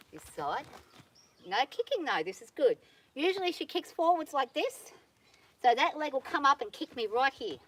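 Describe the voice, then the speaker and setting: A woman handling a horse on a farm who talks calmly and patiently, coaxing the animal softly and explaining each step to viewers. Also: high voice. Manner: calm and patient, coaxing the horse in a soft praising voice; explains steps plainly to viewers while working. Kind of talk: hands-on training commentary. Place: outdoors on a farm.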